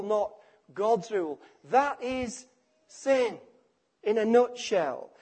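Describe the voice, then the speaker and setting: High-voiced man preaching a sermon. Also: slightly rough. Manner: emphatic, repeats phrases, drops to quiet endings.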